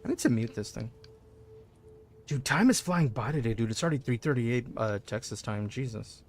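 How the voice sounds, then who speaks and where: An excitable man talks through a video game on a live stream, answering messages from his chat. His voice sits at a middle pitch, and he keeps saying "dude" when he gets worked up. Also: normal speed, soft background music. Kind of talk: casual live gameplay commentary.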